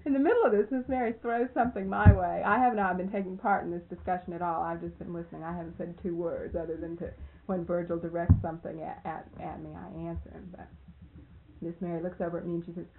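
A woman's voice: on the low side, fairly even intonation, fast talker, creaky. A woman casually telling a folksy anecdote, chuckling often as she goes. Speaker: storyteller. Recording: tinny phone-like audio with faint hiss.

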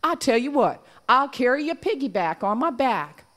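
A woman's voice: high voice, sing-song, normal speed, a bit bright, voice pushed up. Woman doing a swaggering ladies'-man wolf. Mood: brash.

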